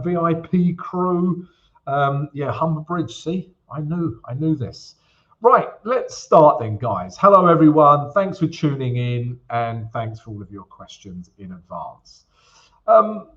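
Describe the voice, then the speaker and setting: A man's voice: on the high side, highs cut off. An upbeat, chatty man hosting a trading livestream, greeting viewers by name and walking through charts. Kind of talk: casual livestream chat and chart walkthrough.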